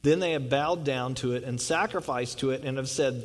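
A man's voice: mid-range voice, moderate pace, hardly any pauses, poor audio. A man preaching a sermon, reading scripture and explaining it in a conversational way, often repeating words for emphasis. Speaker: pastor.

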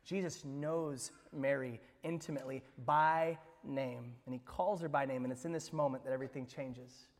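A man pastor preaching an Easter sermon, expressive, swinging from hushed lines to emphatic ones with playful asides. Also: medium pitch, moderate pace, few pauses, in a large hall. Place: church sanctuary.

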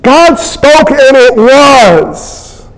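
A middle-aged man delivers a lively, joking sermon and acts out the characters in his stories. His voice sits very high. The sound carries a long reverb, as in a large hall. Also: extremely slow, slight background noise. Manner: animated storytelling, acts out characters. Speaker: preacher. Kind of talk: humorous sermon.

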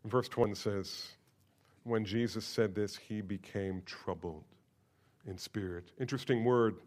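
A man preaching a sermon, expressive and emphatic, moving from quiet explanation to loud, impassioned emphasis. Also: medium pitch. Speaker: pastor.

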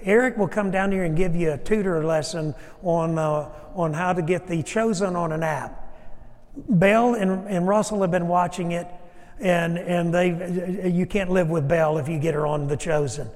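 A man's voice: high-pitched, steady tone, moderate pace, darkish tone, long reverb tail. A man who is a pastor, preaching a sermon and leading an altar call, speaking earnestly and addressing his congregation directly. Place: church sanctuary.

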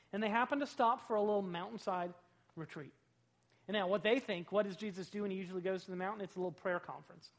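A man preaching a sermon in a church, animated, rising loud on quoted lines and dropping low between them. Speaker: pastor. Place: church sanctuary.

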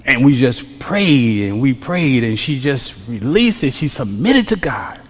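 A man preaching a sermon to a congregation, swinging from quiet musing to loud emphasis with repeated refrains. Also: mid-range voice, big pitch swings, unhurried, breathy edge. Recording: long reverb of a large hall.

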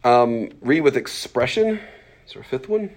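A man in his forties, a pastor teaching a Bible class in a casual, fast-talking way, full of fillers and acted-out asides. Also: medium pitch, big pitch swings. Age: 40s.

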